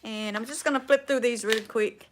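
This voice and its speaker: A woman's voice: a little high, fairly even intonation, brisk, a little hiss or hum. A woman with a Southern US accent hosting a casual furniture upcycling livestream, folksy and chatty, often trailing off and restarting her sentences.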